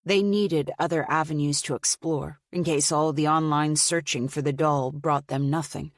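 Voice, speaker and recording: A woman reads a suspense novel aloud in a steady, measured way. Her voice sits low, and the recording is close and dry, with no room sound around it. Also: no echo. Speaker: audiobook narrator. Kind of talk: scripted audiobook narration.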